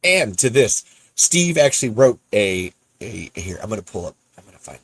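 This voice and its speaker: A man's voice: fairly low pitch, very animated, moderate pace, gravelly, husky, no echo. A man hosting a podcast in casual, rambling livestream chat, breaking off mid-thought and laughing often. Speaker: podcast host.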